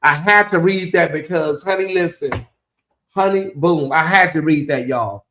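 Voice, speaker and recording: A man's voice: fairly high pitch, measured pace, sharp tone, slight background noise. Sassy man hosting gossip in an echoey room. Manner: sassy and chatty, addresses viewers as y'all and honey. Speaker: gossip show host. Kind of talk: casual gossip commentary.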